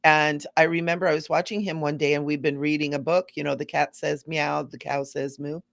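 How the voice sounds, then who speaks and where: A woman giving a casual, rambling spiritual talk to viewers, gently repeating words for emphasis. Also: low voice, level tone, brisk, vocal fry, no echo. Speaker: spiritual teacher hosting a live stream.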